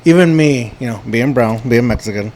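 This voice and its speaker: A man's voice: mid-range voice, normal speed, a little mellow, a little hiss or hum. A man whose first language is Spanish, hosting a podcast in casual chat, laughing easily and nudging the guest along. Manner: laughs easily, short encouraging replies. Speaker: podcast host.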